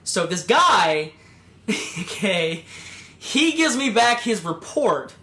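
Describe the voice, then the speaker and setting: A young man hosting a casual podcast, rambling through a story with lots of fillers and sudden loud put-on voices. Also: high voice, big pitch swings, takes it slowly. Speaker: podcast host. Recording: echoey room.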